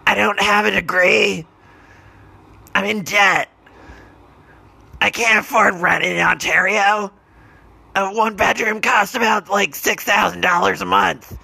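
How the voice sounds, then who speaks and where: Man as a whiny broke scorpion: bright, raspy, slow, sweary rambling rant. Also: high voice, steady tone, no echo, heavily acted, poor audio. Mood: aggrieved. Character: unemployed broke male scorpion, whiny and put-upon.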